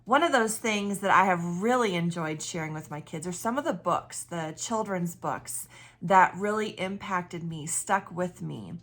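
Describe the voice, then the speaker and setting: A woman pastor with a bright, clear tone delivers a warm, conversational sermon, putting direct questions to her listeners and retelling a story energetically. Her voice is lowish and her pace measured.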